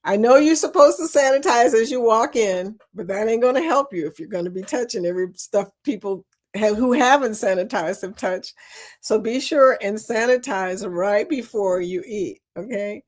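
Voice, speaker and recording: A woman's voice: fairly high pitch, moderate pace, a little mellow. A woman hosting a casual livestream, reading viewer comments aloud in a chatty way and laughing often. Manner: chatty, laughs often, keeps saying y'all. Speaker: livestream host.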